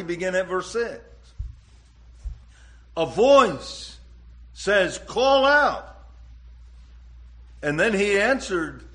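Man, pastor, sermon, fairly high voice, slow deliberate delivery, dramatic emphasis. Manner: slow, deliberate preaching with dramatic rises and drops in pitch and loudness.

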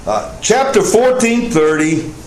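High-voiced preaching man in an echoey room. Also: very animated, slow, crowd noise. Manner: earnest preaching with rising emphasis and frequent "uh" fillers. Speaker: pastor. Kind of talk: sermon. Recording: echoey room with faint noise.

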